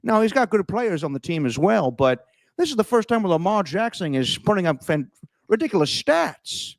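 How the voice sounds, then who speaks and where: A grumbly, drawling Grinch-style cartoon voice, as a man puts it on mid-podcast, half stuck between old movie stars. It swings widely up and down in pitch and keeps stumbling into laughter. The sound is dry and close, with no room around it. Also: very animated, creaky, dry recording, exaggerated voice. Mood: mock-serious. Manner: halting, breaks up laughing mid-line. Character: botched Grinch impression, grumbly male cartoon voice. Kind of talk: casual podcast banter.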